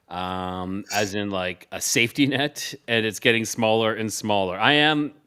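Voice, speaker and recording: A man's voice: medium pitch, fairly bright tone, clear, resonant tone. Rambling man on a video call. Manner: rambling, restarts often. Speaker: podcast host, guest. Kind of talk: casual chat.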